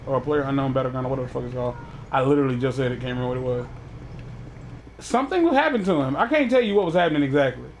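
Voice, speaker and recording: A man's voice: sits high, vocal fry, slight background noise. A man hosting a casual chat, talking in a profane, rambling way with many restarts. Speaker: podcast host.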